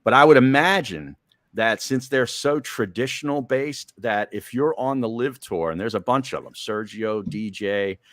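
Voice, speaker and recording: A man co-hosting a sports talk show, chatting in a relaxed, conversational way and telling stories. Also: mid-range voice, moderate pace, no echo. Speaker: co-host.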